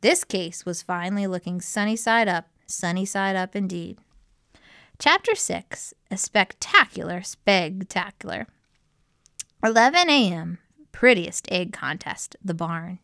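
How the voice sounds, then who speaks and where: A woman reads a children's storybook aloud, narrating in a lively, playful way. Her voice sits in the middle range. The recording is dry, with no room sound. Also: medium pitch, measured pace, smooth, dry recording. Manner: lively, playful pun-filled delivery. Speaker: storybook reader.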